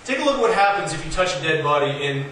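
Earnest high-voiced man preaching in an echoey hall. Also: big pitch swings, quick pace. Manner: earnest, conversational preaching with emphatic rises. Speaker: pastor. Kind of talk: sermon. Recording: echoey hall from far off, faint noise.

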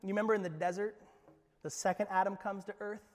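A man's voice: high voice, level tone, quick pace, long reverb tail. A man preaching a sermon as pastor, in an emphatic, conversational way.

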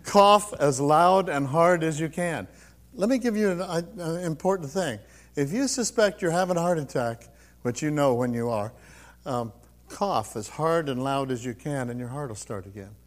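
An older man tells his personal testimony in a slightly high voice. He quotes others along the way and laughs often. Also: lively intonation, moderate pace, darkish tone. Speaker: preacher giving testimony.

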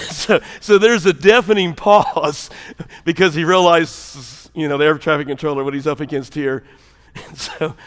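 A man's voice: a little high, fairly bright tone. Joking male pastor in an echoing hall. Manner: rambling, joking, talks straight to the congregation. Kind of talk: sermon. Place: large church hall.

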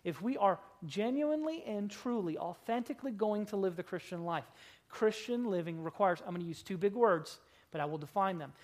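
A woman preaching a sermon in a church service, swinging between loud, forceful lines and hushed ones, and slowing down to stress key words. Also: mid-range voice, animated.

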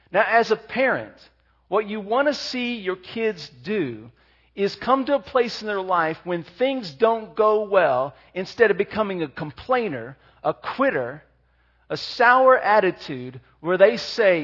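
Guy preaching a sermon, bit high voice, dull lo-fi sound, reads verses slow then gets fired up. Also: lively intonation, a bit bright. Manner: reads scripture slowly, then preaches with rising energy. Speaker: pastor.

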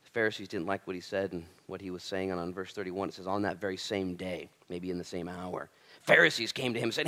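A male pastor preaching in a relaxed, everyday way. His voice climbs high and loud on key points, then drops low and quiet. He talks to his listeners directly and keeps it informal. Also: fast. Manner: casual and conversational, swings from loud emphatic to quiet intense. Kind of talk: sermon.

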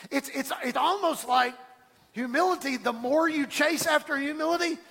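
A man pastor preaching a sermon in church, animated, stumbling over restarts and acting out the voices of people he quotes. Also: very high voice, normal speed, in a large hall. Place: church sanctuary.

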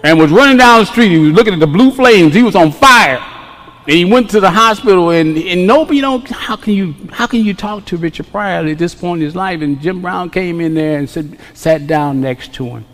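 A man preaching a sermon to a congregation, swinging from quiet musing to loud emphasis with repeated refrains. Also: high-pitched, animated, brisk. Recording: long reverb of a large hall.

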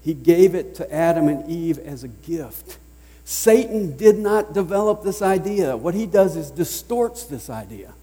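A man with a Southern US accent preaching a sermon as pastor, emphatic, swinging between loud declarations and hushed lines. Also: fairly high pitch, animated, measured pace, breathy edge. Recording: long reverb of a large hall.

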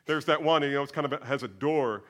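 A male pastor preaching a sermon, dropping to a hush and then booming out scripture, addressing his listeners as beloved. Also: fairly quick. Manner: swings from hushed to booming when reciting scripture.

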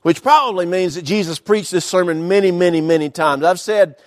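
A man preaching a sermon from the pulpit of a church, using dramatic pauses, emphatic repetition and folksy humor. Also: high voice. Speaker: pastor. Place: church sanctuary.

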